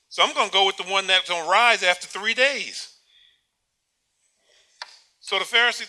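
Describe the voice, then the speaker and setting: High, sharp-voiced male preacher. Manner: rhetorical questions, repeats words, chuckles at own points. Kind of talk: sermon.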